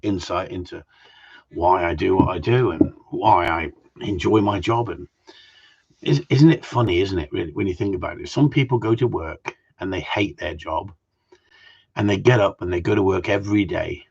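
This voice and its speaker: Husky middle-aged man, outspoken gundog trainer on a lo-fi live stream, rambling and profane. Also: sits low, normal speed, a little mellow. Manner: blunt, swears freely, rambling and opinionated. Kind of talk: casual live-stream rant. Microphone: live-stream mic.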